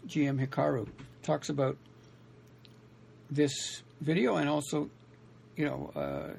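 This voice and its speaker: A man's voice: on the high side, takes it slowly, vocal fry, a little mellow, slight background noise. A man talking alone to his audience in a meandering way, correcting himself often and restarting his sentences. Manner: meandering, self-correcting, many restarts and fillers. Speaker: independent writer and vlogger. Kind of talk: rambling solo talk to camera.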